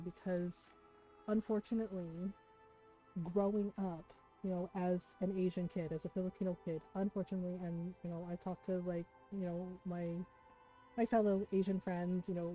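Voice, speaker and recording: A woman's voice: fairly low pitch, flat delivery, moderate pace, warm tone, dull audio, soft background music. A middle-aged woman streamer telling a personal story in casual chat. She keeps checking in with 'right?' and swears casually.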